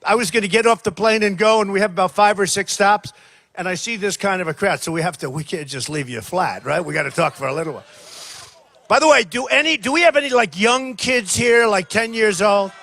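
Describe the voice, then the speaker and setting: A man's voice: high voice, animated, fairly quick, fairly bright tone, no echo. Older man rambling at a rally. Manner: rambling, repetitive, talks straight to the crowd. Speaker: political candidate. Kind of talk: campaign rally speech. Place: large rally crowd by a plane.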